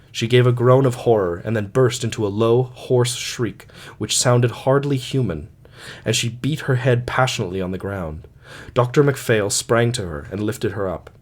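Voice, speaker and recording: A man's voice: on the low side, moderate pace. Man reading an audiobook. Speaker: audiobook reader. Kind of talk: audiobook narration of a classic story.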